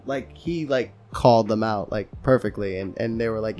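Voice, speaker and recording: A man hosting a casual podcast, excitable and profane, laughing as he talks. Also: medium pitch, normal speed, hardly any pauses. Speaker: podcast host.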